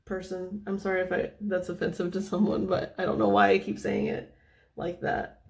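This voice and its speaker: A woman giving a casual tarot reading, thinking out loud with lots of fillers and restarts, often dropping to a soft, near-whispered tone. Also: mid-range voice, little pitch movement, fairly quick, gravelly. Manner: meandering, thinking aloud with many fillers. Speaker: tarot reader.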